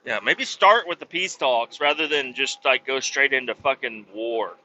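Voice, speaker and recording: A man's voice: medium pitch, normal speed, sharp tone, lo-fi sound, a little hiss or hum. A man hosting a podcast, ranting about politics in a rambling, profanity-heavy way. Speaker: podcast host.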